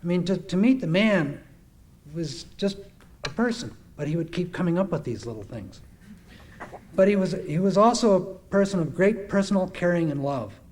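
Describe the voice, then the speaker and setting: Earnest man with a higher voice. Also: lively intonation, moderate pace, a little mellow. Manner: earnest, reminiscing, acts out quoted speech. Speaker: speaker giving a testimonial. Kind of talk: heartfelt spoken tribute to a gathering.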